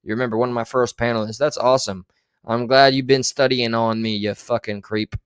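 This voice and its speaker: A man's voice: medium pitch, steady tone, brisk, clear, resonant tone, no room sound. A man commenting on clips in a livestream, blunt and sarcastic, with a lot of swearing. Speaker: streamer commentator. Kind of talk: profane commentary over played clips.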